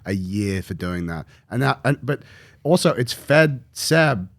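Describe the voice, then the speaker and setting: A man's voice: fairly low pitch, unhurried. Rambling, swearing man in casual chat. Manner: rambling, profane, animated storytelling with many restarts. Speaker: podcast guest.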